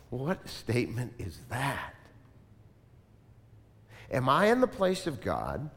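A man preaching a sermon in an animated style, asking the congregation to repeat lines after him. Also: medium pitch, drawn-out words, long pauses, breathy edge, big-room sound. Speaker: pastor.

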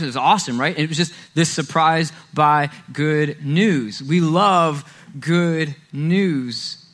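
Delivering a sermon as pastor, a man with a little high, fairly bright voice tells stories in a conversational way. He often adds "right?" as a check-in.

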